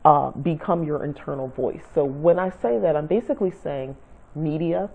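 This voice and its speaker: A woman's voice: low voice, moderate pace, gravelly. A woman giving casual spiritual advice to camera, rambling and searching for words as she talks. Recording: tinny phone-like sound.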